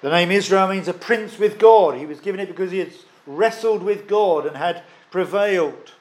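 A man preaching a sermon, emphatic, stressing and repeating key phrases with pauses. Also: high voice, a little mellow.

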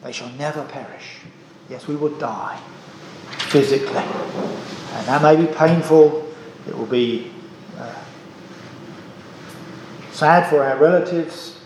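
A male preacher delivers a sermon with earnest emphasis, posing questions to his listeners and repeating phrases for weight. His voice sits a little high, and it rings out in an echoey church room with faint ambient noise behind him. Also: takes it slowly, long pauses, darkish tone.

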